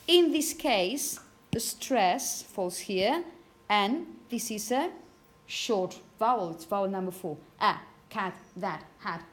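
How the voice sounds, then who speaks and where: A woman teaching phonetics to a class, repeating example words slowly and checking understanding with frequent "okay?". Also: mid-range voice. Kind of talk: classroom lecture.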